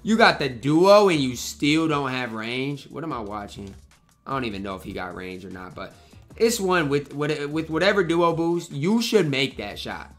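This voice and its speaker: A man's voice: a little high, expressive, normal speed, faint music behind. A young man, commenting live on his own basketball video game match, slangy and frustrated, trash-talking his teammates and opponent. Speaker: gaming YouTuber.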